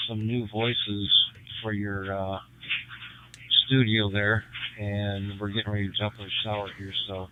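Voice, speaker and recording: A man calling in over ham radio, chatting casually and telling a joking story in a rambling way. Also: on the low side. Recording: tinny radio transmission with faint hiss.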